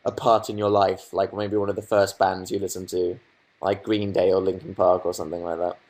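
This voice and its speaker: A young Englishman speaks briskly in a low-pitched, level, slightly mellow voice. He's casually livestreaming from his bedroom, reading viewer comments out loud and replying with dry sarcasm.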